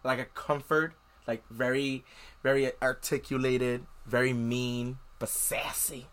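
A man's voice: mid-range voice, a little slow. A man co-hosting a podcast, recapping a book chapter in casual chat and acting out the characters' lines. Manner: animated, acts out characters' lines. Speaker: podcast co-host.

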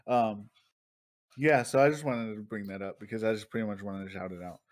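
A man in his thirties co-hosting a casual podcast, telling profane, animated stories and acting out what other people said. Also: lowish voice, fairly quick. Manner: profane, animated storytelling with acted-out quotes. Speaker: podcast co-host.

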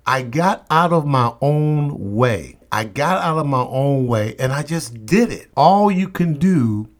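A man's voice: medium pitch, lively intonation, unhurried. A man hosting a motivational podcast, telling a personal story emphatically and repeating refrains. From St. Louis area, USA.

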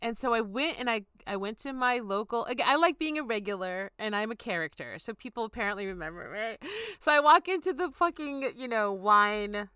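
A playful woman chatting as a podcast co-host, with a bright, clear and slightly high voice. She jokes freely and the sound is dry and close. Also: expressive, brisk, hardly any pauses, dry recording. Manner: playful, joking, quotes people in put-on voices. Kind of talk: casual chat.

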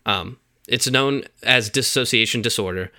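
Bright-voiced young man retelling a movie. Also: mid-range voice, moderate pace. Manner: retells scenes with acted quotes, many fillers. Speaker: podcast co-host. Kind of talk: casual movie discussion.

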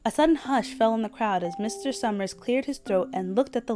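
A woman podcast host reading a short story aloud in a steady, measured way. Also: a little high, soft background music.

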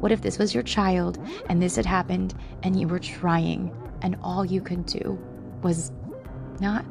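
A woman's voice: fairly low pitch, flat delivery, a little slow, vocal fry, music in the background. Emotional woman hosting a true-crime podcast. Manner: emotional, blunt, swears freely. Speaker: podcast host.

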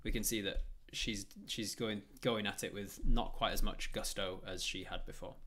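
A man's voice: on the low side, fairly even intonation, normal speed, sharp tone. A man narrating a tabletop game as game master, rambling with frequent fillers and restarts.

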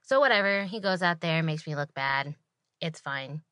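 A woman host rants through a story in a sarcastic, animated, exasperated way. Her voice sits fairly low for a woman. The recording is dry and close, with no room sound. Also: moderate pace, clear, resonant tone, no echo. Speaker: podcast host. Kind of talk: solo storytelling rant.

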